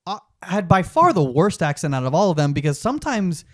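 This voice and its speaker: A man's voice: high-pitched, big pitch swings, a little fast, a bit bright, dry recording, clean studio sound. A man co-hosting a podcast, giving his blunt, swear-laden opinions in a casual film review chat. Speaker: podcast co-host.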